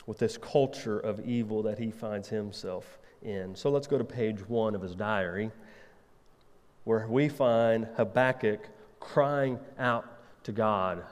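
A pastor with a lowish, darkish voice preaches a sermon conversationally, putting rhetorical questions to his listeners. The recording has a long reverb tail.

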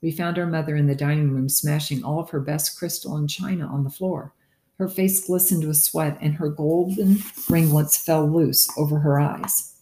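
An audiobook narrator reading a first-person story in an even, measured way. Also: mid-range voice. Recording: roomy echo.

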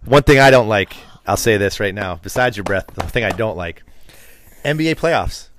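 A man's voice: fairly low pitch, animated, moderate pace, a bit bright, a little hiss or hum. A man co-hosting a casual podcast, talking sports in a rambling, opinionated, teasing way. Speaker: podcast co-host.

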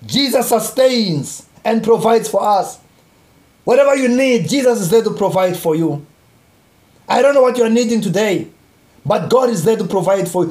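High-voiced man preaching with fervor. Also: roomy sound. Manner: impassioned, repetitive, rising to shouts on key phrases. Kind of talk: sermon.

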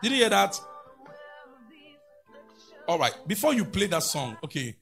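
A man's voice: high-pitched, big pitch swings, brisk, gravelly, long pauses, a bit bright, soft background music. A man preaching a sermon, breaking into sung phrases and leading the congregation in call-and-response. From Ghana. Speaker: pastor.

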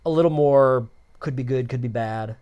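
A man co-hosting a casual podcast about travel, talking in a halting, rambling way with many fillers and restarts. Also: medium pitch, lo-fi sound. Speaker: podcast co-host.

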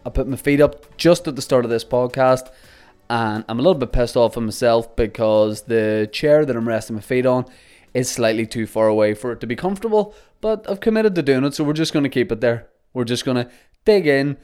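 A man's voice: medium pitch, darkish tone, clear, resonant tone. Male podcast host, casual and jokey, loose rambling storyteller. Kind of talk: casual solo podcast chat.

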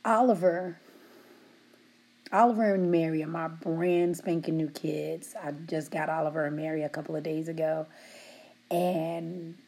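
A middle-aged woman supervising a work team gives them affectionate shout-outs and teases them, laughing often. Her voice is low-pitched and steady, and she speaks unhurriedly.

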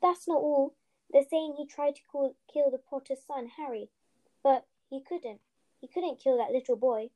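A woman's voice: high voice, normal speed, warm tone, highs cut off. A woman reading a storybook aloud, voicing a distraught, stern elderly female witch professor with urgent, emphatic delivery. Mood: upset. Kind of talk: storybook reading with character voices.

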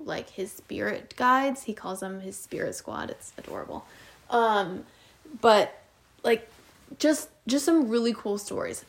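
Young woman on a podcast, casual chat, tells her story all animated, says "like" a lot, medium pitch. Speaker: podcast co-host.

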